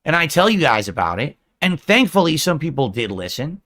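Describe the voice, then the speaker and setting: A man's voice: fairly high pitch, sing-song, brisk, pushed and bright. A man streaming, delivering a self-pitying, lecturing monologue to his viewers.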